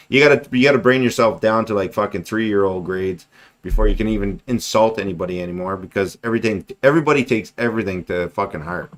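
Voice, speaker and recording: A man's voice: lowish voice, quick pace. A man in his forties, hosting a livestream and ranting bluntly and sarcastically with lots of swearing, his voice a bit strained. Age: 40s. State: losing his voice. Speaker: livestream host. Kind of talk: casual ranting commentary.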